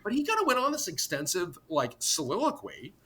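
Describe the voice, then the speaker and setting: A middle-aged man, a podcast guest, telling an animated story in an emphatic, exasperated way, blunt and sometimes profane, talking in rapid bursts full of restarts. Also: high voice, breathy edge. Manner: talks in rapid bursts with many restarts and fillers. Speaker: podcast guest, tech company co-founder.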